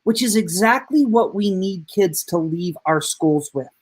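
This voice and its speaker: A middle-aged woman, an educator hosting a podcast, telling heartfelt stories in an animated way. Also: lowish voice, measured pace, husky. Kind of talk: podcast conversation.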